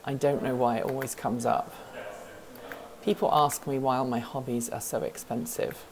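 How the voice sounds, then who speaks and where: A woman's voice: extremely low pitch, steady tone, normal speed, a little hiss or hum. A woman hosting a casual livestream from an office, rambling, thinking aloud and answering chat questions as she goes. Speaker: host of a livestream hangout. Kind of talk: casual live-stream chat.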